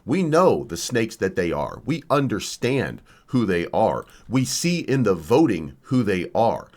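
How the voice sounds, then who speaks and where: A man's voice: lowish voice, very animated, a little slow, darkish tone. A man hosting a crypto channel, lecturing viewers in a combative, repetitive rant. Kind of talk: casual ranting commentary.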